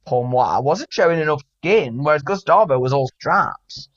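A man's voice: fairly high pitch, expressive, moderate pace, muffled recording. A man co-hosting a podcast in casual chat, camp and giggly, rambling with many fillers. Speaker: podcast co-host.

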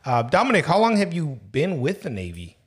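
A man's voice: fairly high pitch, huge pitch swings, fairly quick, slightly rough. A man hosting a podcast, asking friendly, rambling questions in a casual interview. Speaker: podcast host.

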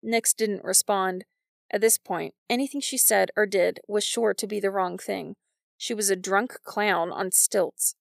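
A woman narrating a novel in a wry, even storytelling manner. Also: medium pitch, unhurried, gravelly, no room sound, studio quality. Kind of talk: scripted audiobook narration.

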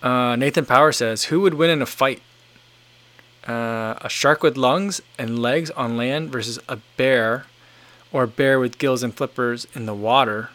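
A man with a medium-pitched, slightly bright voice speaks at a measured pace. He's hosting a casual livestream, reading viewer comments aloud and answering them in a rambling way full of filler as he thinks out loud.

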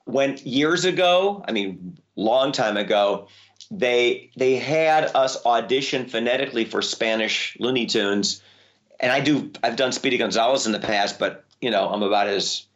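A man who works as a voice actor, telling lively stories in an interview, his voice leaping high when excited. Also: a little slow, dull audio. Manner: animated storyteller, voice jumps high when excited. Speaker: voice actor guest. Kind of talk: interview conversation.

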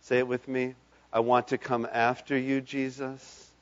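A man leading a congregation in a fervent altar call and closing blessing, his voice rising to loud impassioned calls. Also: mid-range voice, level tone, a little slow. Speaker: pastor. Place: church sanctuary. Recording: dull lo-fi church recording.

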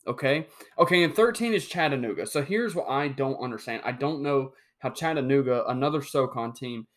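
A young man hosting a sports talk podcast, reading out rankings and ranting heatedly with sudden jumps in loudness. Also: mid-range voice, expressive, fairly quick. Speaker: podcast host.

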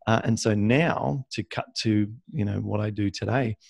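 A man's voice: on the low side, normal speed, vocal fry, a little mellow, no echo. An Australian man as a podcast guest, telling his story casually with many ums and uhs. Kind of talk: casual interview.

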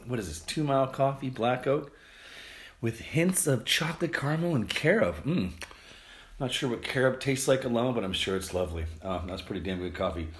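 A middle-aged man rambling casually to camera at home, telling stories in an animated, swearing way. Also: medium pitch, normal speed. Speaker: vlogger. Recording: roomy echo.

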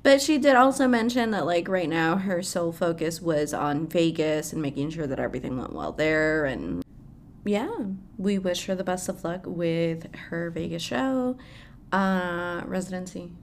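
A woman's voice: lowish voice, lively intonation, unhurried, a little hiss or hum. A young woman hosting a casual pop culture chat, swearing freely and laughing often. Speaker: pop culture podcast host. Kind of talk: casual celebrity news chat.

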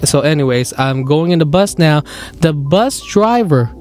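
A man with a Filipino accent hosting a podcast, telling a story in a casual, animated way and jumping into high excited voices for the people he quotes. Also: measured pace, soft background music. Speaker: podcast host.

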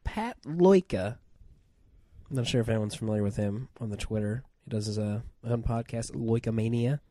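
A man with a cold chatting on a podcast, rambling excitedly with lots of fillers and restarts. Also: mid-range voice, moderate pace, dry recording, clean studio sound. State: has a cold, on cold medicine. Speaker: podcast co-host. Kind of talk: casual chat.

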